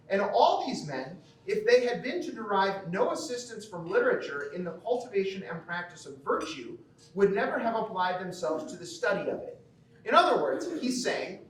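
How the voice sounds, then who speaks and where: A man's voice: high voice, far from the mic, slight background noise. Man lecturing in an echoey hall. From American Midwest. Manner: conversational, checks in with frequent "okay?". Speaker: teacher. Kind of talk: lecture speech at a school banquet. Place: large banquet hall.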